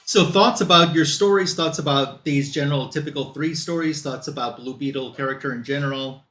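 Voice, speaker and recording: A man's voice: a little high, brisk, a bit bright. A man on a comic book show, casually recapping a plot in loose quoted dialogue with lots of fillers.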